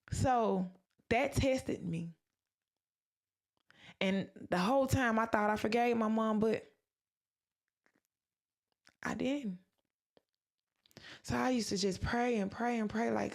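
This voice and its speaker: A woman with a slightly high, gravelly voice tells a personal faith testimony on her podcast. She speaks earnestly and with emotion, replaying her own past words as she goes. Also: takes it slowly, long pauses. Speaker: podcast host.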